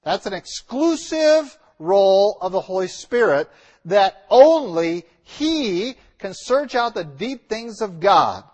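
High-voiced emphatic male preacher. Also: big pitch swings, darkish tone. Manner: emphatic, repeats key lines with slow stressed words; direct, addresses the congregation. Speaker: pastor. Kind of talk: sermon.

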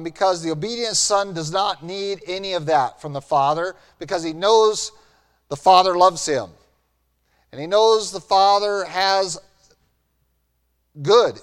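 A man preaching a sermon as pastor, earnest and building to animated emphasis. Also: a little high, clean tone. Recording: long hall reverb.

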